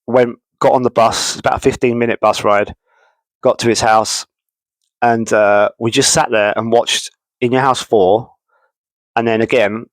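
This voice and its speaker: A man in his thirties talks to camera in a loose, rambling way, full of fillers and restarts. His voice sits on the low side, and the recording is dry and close, with no room sound. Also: dry recording, rough recording. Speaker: wrestling video host. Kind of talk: casual nostalgic monologue.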